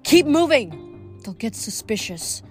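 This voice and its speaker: A woman's voice: on the high side, sing-song, slow, faint music behind. A woman voicing a bossy, scheming Amazon warrior woman in an audiobook, commanding and impatient.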